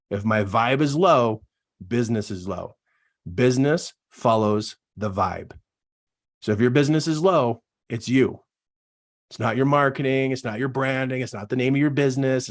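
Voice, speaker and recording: A man giving an emphatic, repetitive motivational talk as a business coach, animated and preaching. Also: medium pitch. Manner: animated, acts out quoted voices.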